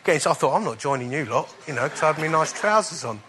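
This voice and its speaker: A man delivers a storytelling sermon with a bright, forceful tone, pitched a little high for a man. He recounts his testimony animatedly and chuckles through the lighter moments. Faint background noise sits under his voice. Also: expressive, fast talker. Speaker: preacher.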